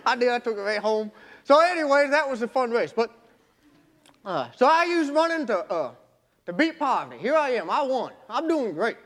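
A young man, a marathon runner, telling a personal story in an animated, folksy way with casual grammar. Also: very high voice, normal speed. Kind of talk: storytelling talk.

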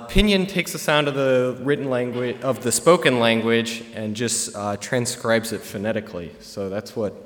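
A young man giving a relaxed, chatty presentation to a live audience, with plenty of filler words. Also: medium pitch. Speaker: student presenter. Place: large hall with an audience. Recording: long hall reverb.

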